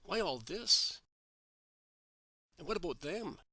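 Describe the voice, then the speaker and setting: A man reading the lines of a grudging, suspicious male peasant, questioning slowly and doubtfully. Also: high-pitched, very animated, bright, forceful tone, no room sound, studio quality, exaggerated voice.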